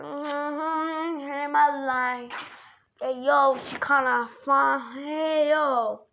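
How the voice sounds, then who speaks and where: Woman, high voice, unhurried, playful and giggly, casual vlog chat, slightly muffled home recording with faint hiss. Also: fairly even intonation. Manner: playful, giggly, jokey asides. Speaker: vlogger. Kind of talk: casual rambling chat to camera.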